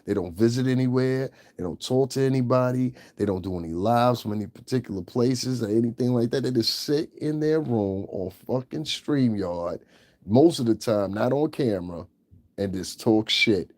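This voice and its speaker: A man's voice: mid-range voice, normal speed, darkish tone, dry recording, studio quality. Blunt, profane man ranting on his channel. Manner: scornful. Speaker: channel host. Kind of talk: ranting livestream commentary.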